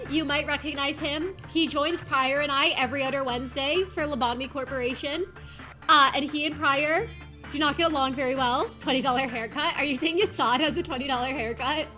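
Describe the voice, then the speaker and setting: A woman VTuber streamer chatting casually on a live stream, gushing and excitedly thanking her chat. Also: sits high.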